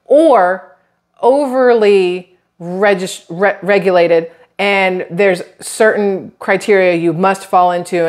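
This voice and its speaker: This is a chatty woman in her thirties with a drawl, talking straight to her viewers in a casual vlog. She rambles through her stories and slips into little quoted voices along the way. Her pitch sits right in the middle for a woman. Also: a little mellow. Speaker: YouTube creator.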